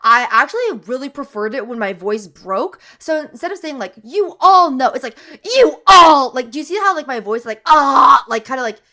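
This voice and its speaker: A woman's voice: high-pitched, lively intonation, a little fast, hardly any pauses, pushed and bright. A young woman voice actor chatting animatedly as she reacts to her show and acts out lines. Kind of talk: casual reaction commentary.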